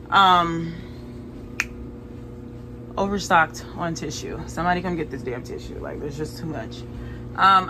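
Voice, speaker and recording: Chatty young mom vlogging at home. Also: female voice, fairly low pitch, noisy background. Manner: chatty, candid, swears casually, slips into quoted voices. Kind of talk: casual chat to camera. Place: at home, laundry room and house.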